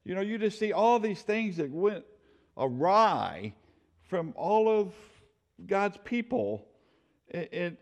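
A man leads a church Bible study with a fairly high and very animated voice. He tells stories, laughs often and keeps the class engaged, while a long reverb lingers behind him. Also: slow pace.

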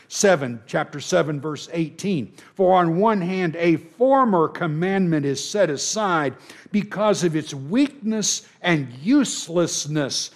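A man delivers a sermon at an unhurried, deliberate pace. His voice sits a little high for a man. He climbs to forceful, emphatic peaks, then falls back to quiet, conversational asides while working through scripture. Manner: emphatic, swings between rising intensity and quiet asides. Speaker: preacher.

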